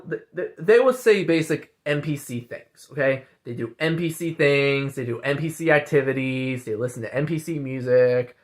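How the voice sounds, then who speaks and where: A man's voice: moderate pace, hardly any pauses. A man ranting casually to his viewers, repeating points over and over and ending phrases with "okay?" and "guys.". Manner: repetitive, says "okay?" and "guys" after most points; mocks others in higher put-on voices. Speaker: vlogger. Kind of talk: casual rant to camera.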